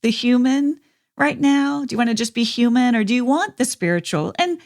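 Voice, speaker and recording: A woman's voice: on the high side, expressive, normal speed, darkish tone. A woman hosting a podcast interview, responding in an affirming, enthusiastic way. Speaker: podcast host. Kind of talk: interview conversation.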